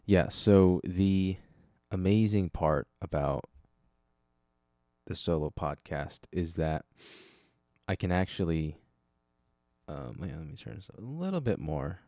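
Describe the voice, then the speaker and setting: A man with a very low voice chats through a solo podcast episode, rambling, restarting sentences and talking half to himself. The sound is close and dry, with no room echo, as he speaks into a desk microphone. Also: sing-song, unhurried, long pauses, warm tone. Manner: rambling, self-correcting, talks to himself. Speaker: podcast host. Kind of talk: casual solo podcast chat.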